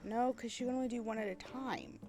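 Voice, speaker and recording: A woman's voice: a little high, lively intonation, a little fast. Chatty woman streamer over game music. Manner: reasons aloud, chatty. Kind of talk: playthrough reading game dialogue aloud. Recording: loud game music behind.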